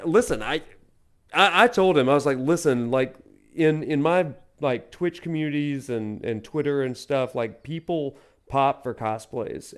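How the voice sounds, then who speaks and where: A man from Alabama, a professor streaming a video game, chatting casually and rambling with lots of fillers as he answers viewers. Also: lowish voice. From Alabama, USA. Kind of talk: casual live-stream chat.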